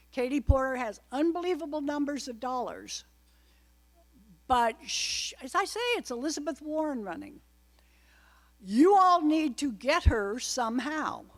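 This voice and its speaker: Woman guest speaker with a raised pitch, addressing a club audience loosely and wryly, with many digressions. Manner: chatty, wry asides, frequent digressions. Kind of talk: informal political talk to a live audience.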